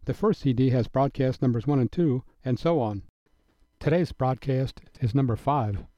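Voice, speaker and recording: Earnest radio Bible teacher, dry lo-fi sound. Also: male voice, medium pitch, mellow, no echo. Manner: measured, earnest, emphatic. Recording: dry, dull lo-fi broadcast audio.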